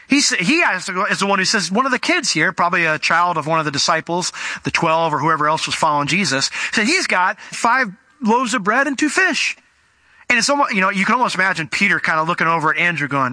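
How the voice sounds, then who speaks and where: A male pastor preaching an expository sermon in an animated, conversational way, often acting out quotes. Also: high voice, fast, dry recording.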